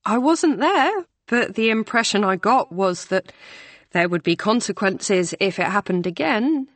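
A woman narrator voicing a cautious, gentle young woman student in an audiobook. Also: sits low, level tone, unhurried, no room sound, distant mic. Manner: hesitant, soft.

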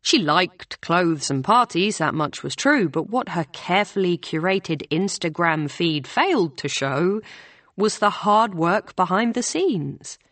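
Measured low-voiced woman narrating. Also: lively intonation, fairly bright tone, no echo. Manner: measured, voices characters with small shifts. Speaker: audiobook narrator. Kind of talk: scripted narration.

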